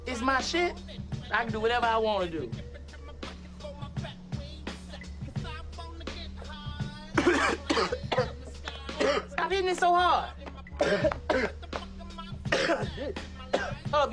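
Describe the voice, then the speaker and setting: A brash stoner buddy. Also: male voice, very high voice, animated, slow, long pauses, over music, heavily acted. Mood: boastful. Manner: loud, brash street slang. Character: fast-talking young male stoner buddy, pushy.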